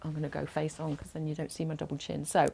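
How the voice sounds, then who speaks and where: A woman with a slightly low voice guides a chair exercise class. She gives clear, encouraging step-by-step instructions, heard through a video call. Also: completely flat delivery, quick pace, warm tone, slight background noise.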